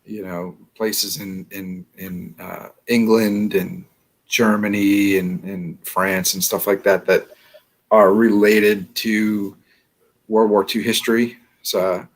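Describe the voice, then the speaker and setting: A man's voice: on the low side, level tone, slow pace. Chatty New Orleans man, laughing often. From New Orleans, USA. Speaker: guest. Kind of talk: casual interview chat.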